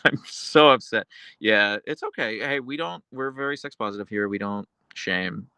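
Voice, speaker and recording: A man's voice: lowish voice, moderate pace, sharp tone, smooth, no room sound. A man hosting a livestream, reading viewer messages and rambling casually with lots of fillers and self-corrections. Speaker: livestream host reading chat.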